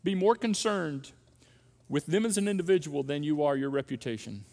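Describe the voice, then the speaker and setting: A middle-aged pastor preaches a sermon on parenting, emphatically repeating key phrases over and over to press his point. His voice is notably high for a man yet darkish and creaky, at a moderate pace, with a long reverb trailing from the large church auditorium.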